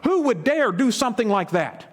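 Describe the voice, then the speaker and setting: A man's voice: extremely high pitch, sing-song, moderate pace, voice pushed up, heavily acted. A man doing a furious, indignant king. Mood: outraged. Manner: shouting indignant questions. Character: enraged ancient male king, outraged and loud.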